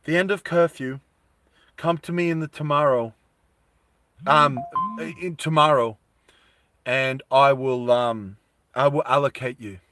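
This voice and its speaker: A man voicing a cold, snarky male humanoid official in a told story, with slow, measured, flat delivery. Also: medium pitch. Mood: condescending.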